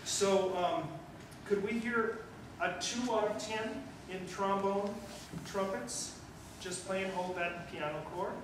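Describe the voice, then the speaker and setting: A man leads a school wind band through rehearsal, coaching in a brisk, direct way and counting and scatting rhythms aloud. His voice sits high for a man. He is picked up from well across an echoey rehearsal room, with clear background noise. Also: far from the mic. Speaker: guest band conductor. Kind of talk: ensemble rehearsal instruction. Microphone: far room mic.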